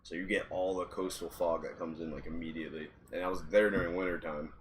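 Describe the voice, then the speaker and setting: Man, podcast guest, low voice, easygoing, laughs a lot, casual anecdotes, slight background hiss. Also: fairly even intonation, fast talker. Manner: easygoing, laughs often while telling anecdotes. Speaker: podcast guest, former Marine. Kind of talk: casual storytelling.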